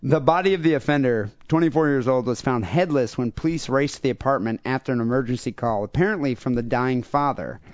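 A man co-hosts a podcast and reads grim crime stories aloud, dropping crude jokes between the lines. His voice sits at a middling pitch. The sound is dry and a little dull, like lo-fi home audio. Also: a little fast, hardly any pauses, dry recording. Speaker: podcast co-host. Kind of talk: casual podcast chat.

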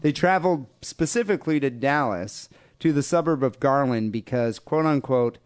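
A man's voice: mid-range voice, lively intonation, moderate pace, clean tone. Laughing Midwestern man reading news. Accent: Midwestern American. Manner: loose, jokey, laughs often between lines. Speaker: podcast host. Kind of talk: casual chat, reading news stories aloud.

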